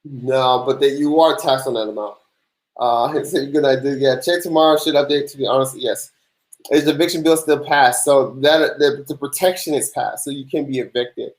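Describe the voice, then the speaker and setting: A man's voice: medium pitch, moderate pace. A young man, hosting a casual tax Q&A livestream, laid-back and sleepy, chatting with viewers between answers. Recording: echoey room.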